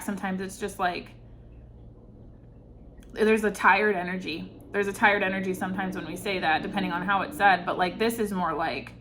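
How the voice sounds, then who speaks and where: A woman's voice: mid-range voice, a little hiss or hum. A woman giving an intuitive tarot reading, earnest and searching for words with many fillers. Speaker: tarot reader.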